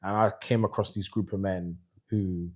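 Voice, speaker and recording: A man's voice: low-pitched, moderate pace, slightly rough. A middle-aged man, a podcast host telling a story in casual chat and putting on voices when he quotes people. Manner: animated storyteller who puts on voices when quoting people.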